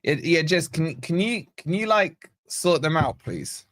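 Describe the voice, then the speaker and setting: A man from Scotland hosting a live fan watch-along, chatting fast and excitably with his viewers. His voice is fairly high for a man and leaps around with big, animated swings. He sounds on edge with nerves. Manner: animated, excitable, reads chat aloud. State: nervous. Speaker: fan channel host.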